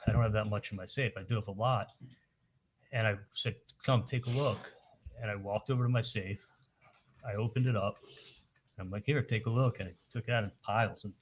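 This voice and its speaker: A man on the witness stand, recounting events haltingly and quoting the dialogue in detail. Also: lowish voice, slight background noise. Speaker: witness testifying at a trial. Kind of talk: courtroom testimony.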